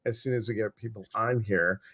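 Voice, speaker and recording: A man's voice: on the low side, fairly even intonation, fairly quick, fairly bright tone. A man co-hosting a weekly card reading live stream, chatting casually and greeting viewers with enthusiasm.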